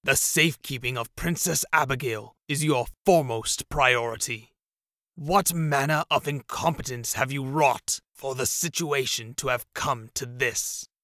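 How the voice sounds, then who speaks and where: A man doing a gravelly noble knight. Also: mid-range voice, fairly bright tone, no echo, clean studio sound, natural voice. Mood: stern. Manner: slow, formal, stately speech. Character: noble towering male knight, calm.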